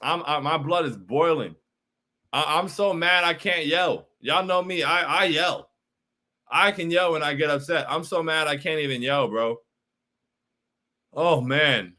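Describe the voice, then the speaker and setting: A man's voice: on the high side, measured pace, bright, forceful tone. A young man hosting a postgame livestream, frustrated and repetitive, often saying bro while reacting to chat. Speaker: postgame show host.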